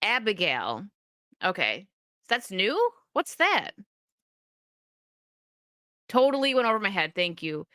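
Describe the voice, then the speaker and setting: A chatty woman hosting a casual stream, upbeat and quick to laugh, often restarting her sentences. Her voice is bright and forward, caught close on a dry, dead-sounding mic. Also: mid-range voice, very animated, no echo. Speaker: livestream host reading chat. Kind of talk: casual chat.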